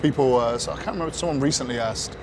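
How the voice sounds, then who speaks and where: British man, relaxed gym chat, mid pitch, background noise audible. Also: racing. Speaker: training partner.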